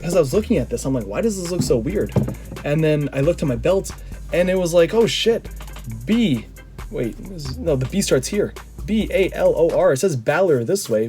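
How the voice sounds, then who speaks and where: A young man from Canada, a vlogger, telling a rambling, excitable story to camera, full of fillers and restarts. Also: a little high.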